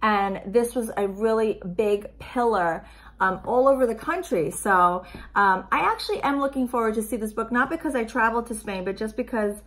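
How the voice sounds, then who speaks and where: A chatty woman reviewing a movie trailer on her vlog, rambling freely and getting emotional as she goes. Her voice sits a little high, and her delivery is loose and conversational. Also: moderate pace, fairly bright tone. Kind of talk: casual trailer reaction vlog.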